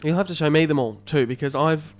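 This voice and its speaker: A man co-hosting a student radio show, chatting briskly and chiming in with quick replies. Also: fairly high pitch. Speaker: radio co-host. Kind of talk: casual radio chat.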